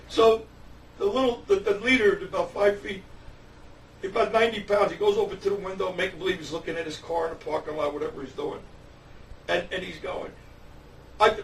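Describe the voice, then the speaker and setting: A man's voice: on the high side, vocal fry. Older guy, a raconteur with a raised voice, recorded far off with room echo and faint background noise. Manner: animated anecdotes, many fillers and restarts. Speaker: drummer telling stories. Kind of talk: casual storytelling. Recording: echoey room, distant mic, faint ambience.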